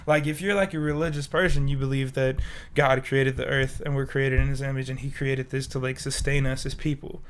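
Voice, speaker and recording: A man's voice: mid-range voice, level tone, fairly quick, clear, resonant tone. A sick young man co-hosting a podcast, rambling in casual, profane chat and laughing often. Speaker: podcast co-host.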